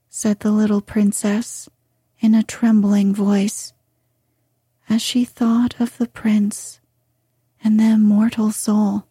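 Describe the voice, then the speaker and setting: A woman reading a fairy tale aloud in a soft, hushed whisper. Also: medium pitch, flat delivery, slow pace, slightly rough, dry recording, studio quality.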